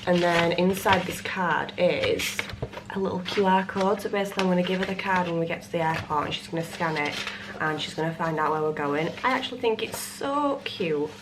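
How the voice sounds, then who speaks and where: A young woman chatting in a casual vlog, giggly and excitable. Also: fairly low pitch, brisk. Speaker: vlogger. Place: inside a car. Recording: loud car noise behind.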